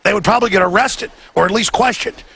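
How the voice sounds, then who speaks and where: A male host ranting fervently on location outdoors. His voice sits high and heavily gravelly, hard-edged and forceful, with faint noise behind. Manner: fervent, rapid, repetitive ranting. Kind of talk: heated on-location commentary. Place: outdoors outside an event venue.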